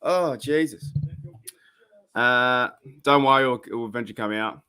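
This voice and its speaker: Hosting a live sports reaction stream, an Australian man chats and rambles casually, bursting with excitement at the plays. His voice is mid-range and clean in tone, at normal speed.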